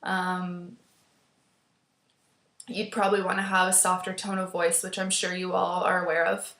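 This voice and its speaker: A woman's voice: lowish voice, moderate pace. Lady teacher lecturing to her webcam, lots of ums, roomy sound. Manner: steady instructive delivery with frequent ums. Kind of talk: recorded online class lecture. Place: indoor room, seated in a chair. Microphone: webcam at desk.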